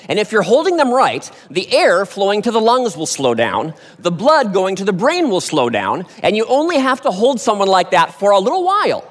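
A man speaking on stage in a large hall, telling a story with lively swings in his voice and acting out each person in it. His voice sits high for a man, and a long reverb trails each phrase.

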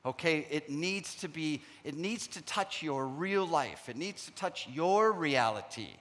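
A middle-aged man preaching a sermon, telling personal stories in an earnest way and pausing to restart his sentences. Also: fairly high pitch, animated, fairly bright tone. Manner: storytelling, acts out remembered dialogue; earnest, frequent pauses and restarts. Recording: long hall reverb.

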